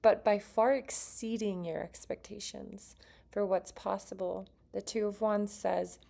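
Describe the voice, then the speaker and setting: A woman's voice: medium pitch, steady tone, measured pace, gravelly, warm tone. A woman giving a casual tarot card reading to her viewers, chatty and earnest, with self-aware asides as she reads. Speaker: tarot reader.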